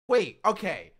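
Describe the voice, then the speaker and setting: A man's voice: sits high, bright, forceful tone, husky. A young man streaming live, reacting to videos with joking, mock-outraged rants. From United States.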